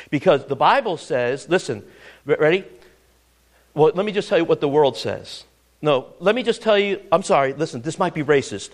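A middle-aged man preaching a sermon, keeps prompting listeners with "listen" and "ready?", swinging dramatically between booming lines and hushed asides. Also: animated, normal speed.

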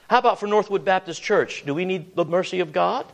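A man's voice: sits high, fairly quick, gravelly. A man preaching a sermon as pastor, asking the congregation questions and often repeating words as he goes.

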